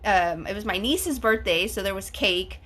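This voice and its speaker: A woman's voice: medium pitch, expressive, normal speed, a bit bright. A woman, hosting a casual livestream, reading comments aloud in a chatty, giggly, gushing way. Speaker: livestream host.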